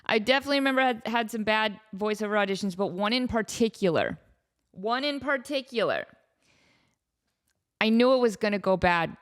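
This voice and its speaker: A woman's voice: mid-range voice, animated, a little fast. A woman in her thirties hosting a podcast, telling a story with a self-mocking, laughing delivery. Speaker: podcast host. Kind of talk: casual comedic storytelling.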